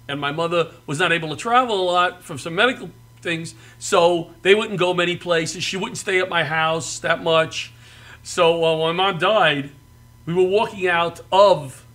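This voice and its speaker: High, bright-voiced animated storytelling man. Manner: animated, loud when acting out quotes, laughing. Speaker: comedian guest. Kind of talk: storytelling on a talk show.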